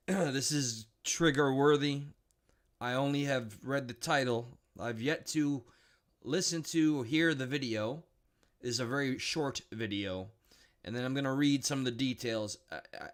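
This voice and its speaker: A man's voice: medium pitch, moderate pace. A man hosting a live stream, reacting bluntly and indignantly to news clips, thinking aloud with restarts. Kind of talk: casual live commentary.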